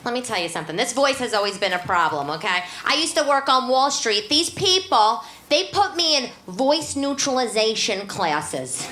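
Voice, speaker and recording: A woman playing a brash, divorced New York single mother with a nasal New York accent, doing loud, brassy crowd work in a live cabaret comedy set on stage. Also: on the high side, animated, moderate pace, few pauses, lightly acted. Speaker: stand-up character. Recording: echoey room, noisy live venue.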